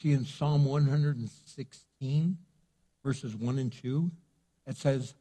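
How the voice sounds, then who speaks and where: A middle-aged man, preaching a sermon and acting out everyday conversations, building to loud emphasis. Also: mid-range voice, takes it slowly. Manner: animated, acts out quoted voices, builds to loud emphasis. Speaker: pastor.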